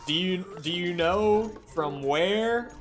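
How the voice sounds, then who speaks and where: Streaming a game, a man from the Twin Cities with a mild Minnesotan accent rambles to his viewers in an animated way, swearing casually as he chats. His voice is high and slow, and faint game music plays in the background.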